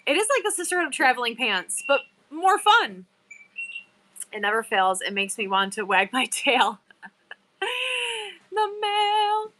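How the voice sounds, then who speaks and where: A woman's voice: a little high, moderate pace, sharp tone. A woman hosting a casual live-selling stream, chatting with viewers and reading their bios aloud. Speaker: live-stream seller host. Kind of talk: casual livestream chat.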